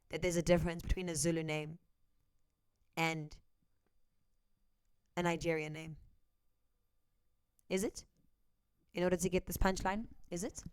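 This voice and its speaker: A woman's voice: fairly low pitch, clean tone, dry recording. South African woman asking pointed questions. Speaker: vlogger. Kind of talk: opinion commentary vlog.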